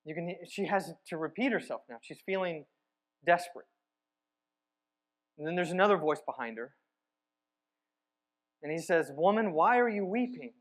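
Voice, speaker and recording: A man with a slightly high voice preaching a sermon. He retells the story vividly, pressing some words hard and dropping others to a near-hush. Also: normal speed, long pauses. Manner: storytelling, swinging between emphatic and hushed. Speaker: church teacher.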